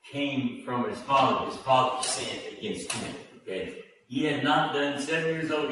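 A man's voice: mid-range voice, a bit bright. A male preacher telling a story in a conversational sermon, voicing the people in it. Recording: echoey hall from far off with faint noise.

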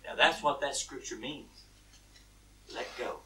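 A man preaching a sermon in a church, telling a folksy story in an animated way, recorded from a distant mic. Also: medium pitch, a little slow. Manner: folksy, animated, laughing at his own story.

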